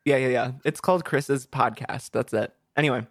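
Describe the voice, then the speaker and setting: A young man hosts a casual gaming podcast in a joking, playful way. His voice sits at a middle pitch. It comes through crisp and dry from a compressed streaming mic. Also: normal speed, no room sound. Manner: jokey, playful, tries out sound effects. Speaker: podcast host.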